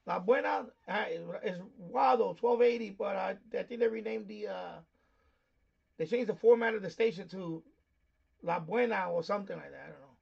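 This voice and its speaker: This shortwave radio live streamer is a man from New York whose high voice has a gravelly edge, speaking at normal speed with the highs cut off in the audio. He chats casually, rambling through explanations with many fillers.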